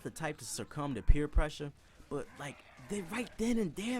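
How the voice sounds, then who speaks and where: A man's voice: a little high, expressive, fast, darkish tone. A young man telling a comedic, profane story from his school days, laughing often and acting out other people's voices.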